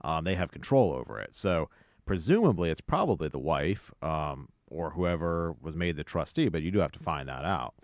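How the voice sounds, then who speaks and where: Deep-voiced, measured attorney guest. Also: male voice, very animated, no echo, studio quality. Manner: measured, explanatory. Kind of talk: legal explanation on a talk show. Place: radio studio.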